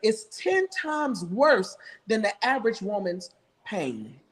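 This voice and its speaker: A man's voice: high-pitched, sing-song, slow pace, crowd noise. A man on a talk show panel, speaking earnestly and openly about emotion, with a preaching lilt.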